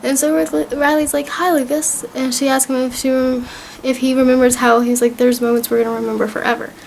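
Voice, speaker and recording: High-voiced chatty young woman vlogger. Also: little pitch movement, quick pace, gravelly, darkish tone, slight background noise, rough recording. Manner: chatty and rambling, many fillers and retold dialogue. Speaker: vlogger reviewing a TV season. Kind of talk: casual recap talk to camera.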